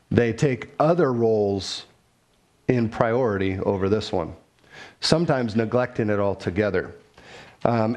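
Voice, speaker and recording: A man's voice: on the low side, darkish tone. Man, pastor, sermon, earnest, conversational, storytelling.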